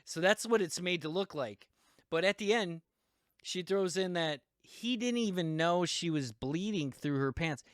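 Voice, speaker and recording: A man's voice: sits high, measured pace, smooth, dry recording, clean studio sound. A man hosting a podcast, rambling casually with lots of fillers and laughs. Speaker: podcast host. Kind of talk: casual chat.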